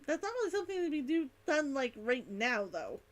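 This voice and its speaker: A woman's voice: sits high, sing-song, fairly quick. A woman from Canada, chatting enthusiastically while streaming a game, often laughing and repeating herself. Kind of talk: casual gameplay chat.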